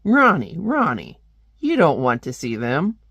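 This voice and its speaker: A man reading the lines of a smarmy, sinister young creep from a comic, in a slow, oily way. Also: on the high side, huge pitch swings, a bit bright, slightly rough, dry recording, exaggerated voice.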